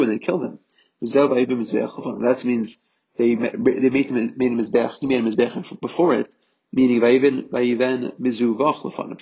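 A man's voice: mid-range voice, vocal fry, darkish tone, breathy edge, muffled recording. A man teaching scripture, reading Hebrew phrases and translating each one line by line, with frequent restarts. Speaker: Torah teacher.

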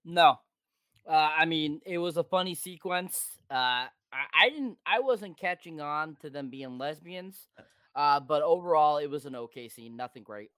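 A man co-hosting a podcast, giving his opinion in a hesitant, measured way. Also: a little high, lively intonation, a bit bright, smooth, no echo. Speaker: podcast co-host. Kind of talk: casual podcast discussion.

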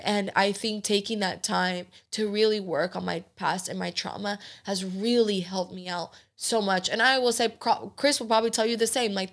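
Gravelly earnest woman in her twenties. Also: mid-range voice, a bit bright. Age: 20s. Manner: earnest, emotional, swears casually. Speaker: podcast host. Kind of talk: candid personal talk.

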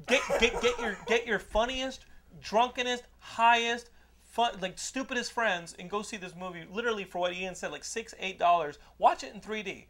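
A man's voice: sits high, normal speed, fairly bright tone, a little hiss or hum. A man hosting a casual podcast, telling a rambling, profane story with frequent laughter and restarts. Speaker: podcast host giving a movie recommendation.

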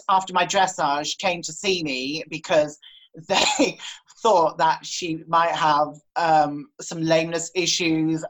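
A young adult woman telling a story in casual chat, animated and laughing, with plenty of swearing. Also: low voice, low-quality recording. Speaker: guest, horse rider.

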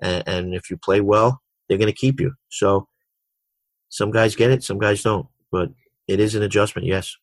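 A man's voice: fairly low pitch, normal speed, no room sound. A middle-aged man, a basketball coach, answering interview questions with frequent restarts and repeated words. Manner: repeats words and restarts often, tells anecdotes.

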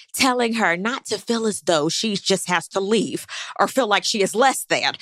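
A woman's voice: on the low side, fairly bright tone, no room sound, clean studio sound. A woman giving a casual, sassy recap of a reality show into a microphone, swearing freely. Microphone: speaking into a microphone.

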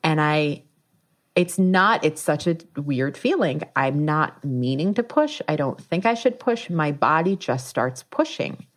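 A woman in her thirties telling a personal story in a casual, animated way, acting out the lines she quotes. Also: low-pitched, a little slow. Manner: animated, acts out quoted speech.

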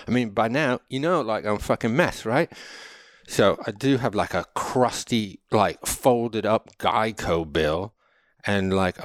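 A man's voice: lowish voice, dry recording, clean studio sound. A man hosting a show, telling a story in a rambling, loose, profane way. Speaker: host. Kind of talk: casual storytelling monologue.

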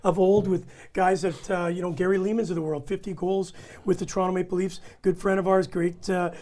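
A man's voice: sits high, flat delivery, brisk, mellow. A man hosting a casual talk show, easygoing and chatty. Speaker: host. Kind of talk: casual chat.

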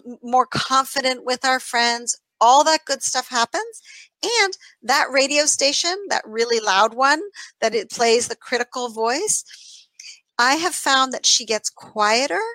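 A woman with a somewhat high voice talks through ideas as an interview guest. She is animated and keeps asking "right?" to hold the listener. The sound is dry and close, with no room around it. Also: no echo, low-quality recording. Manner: animated, acts out inner voices, says "right?" often. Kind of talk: conversational explaining in an interview.

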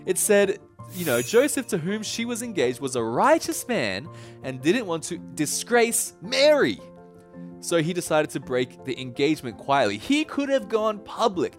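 A young man leads a relaxed scripture lesson in a chatty, storytelling way. His somewhat high voice swings lively up and down, and soft instrumental music plays faintly behind him. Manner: animated storytelling, chatty and laughing often. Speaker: preacher. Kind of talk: casual Bible teaching.

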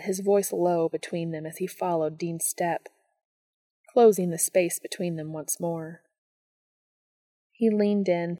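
A woman narrating a romance story aloud in a calm, soft storytelling manner. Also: fairly low pitch, no room sound.

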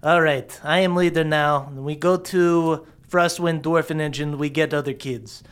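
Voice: medium pitch, steady tone, a little slow, close to an everyday voice. A game master voicing a tough one-eyed boy who talks bluntly and swears. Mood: gruff. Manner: gruff, blunt, swears casually.

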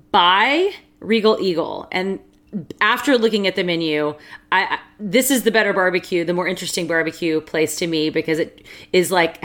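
A woman's voice: fairly low pitch, a bit bright. A woman from the United States co-hosting a podcast, talking frankly and easily in casual chat. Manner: easygoing, frank, laughs between remarks. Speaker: podcast co-host.

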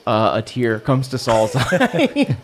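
A man playing a tabletop game, talking in a goofy, lively way. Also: medium pitch, slow pace, slight background noise. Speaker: player.

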